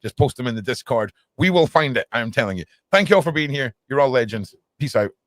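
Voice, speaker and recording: A man hosting a casual livestream chat, rambling and joking excitedly. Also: mid-range voice, fast talker, no room sound. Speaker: podcast host.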